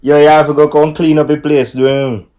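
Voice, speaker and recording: A man's voice: a little high, level tone, a little fast, dark tone. A young man, laid-back and teasing as he pranks his wife at home.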